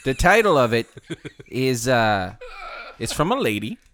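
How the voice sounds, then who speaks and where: A man's voice: mid-range voice, very animated, unhurried, a bit bright. A man co-hosting a comedy podcast, chatting casually and rambling a little with fillers. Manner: rambling, fillers while reading posts aloud. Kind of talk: casual banter.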